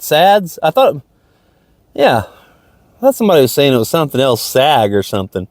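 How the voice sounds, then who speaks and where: A man's voice: on the high side, animated, a little fast, darkish tone, dry recording. A man hosting a podcast, rambling through a casual, motivational monologue outdoors near a lake, often repeating himself. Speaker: podcast host. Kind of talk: casual stream-of-consciousness monologue.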